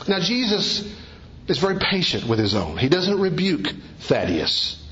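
A man's voice: mid-range voice, fairly bright tone, reverberant, lo-fi sound. A man preaching an expository sermon as pastor of his congregation, earnest and emphatic, with rhetorical questions and repeated lists.

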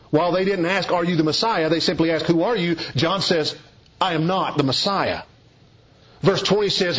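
A man preaching an expository sermon, emphatic and deliberate, leaning hard on key words. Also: on the high side, breathy edge, highs cut off.

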